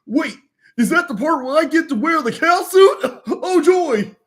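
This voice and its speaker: A man's voice: very high-pitched, animated, a little slow, fairly bright tone, voice pushed up, heavily acted. A man with a Southern US accent voicing a goofy, eager, dim-witted male cartoon sidekick.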